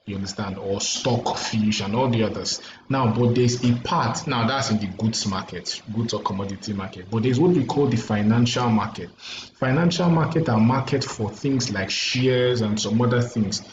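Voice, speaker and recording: A man's voice: fairly low pitch, normal speed. A tired, yawning man with a Nigerian accent teaches a casual trading lesson late at night, often checking in with "right?" and "you understand?". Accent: Nigerian English. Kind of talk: casual explanatory lecture. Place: recording indoors late at night. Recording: echoey room, dull lo-fi sound, faint background hiss.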